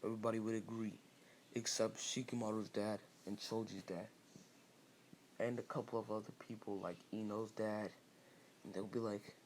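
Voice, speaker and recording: A man's voice: lowish voice, flat delivery, normal speed, darkish tone, slight background noise. A man casually improvising a fan-fiction story, rambling with restarts and fillers.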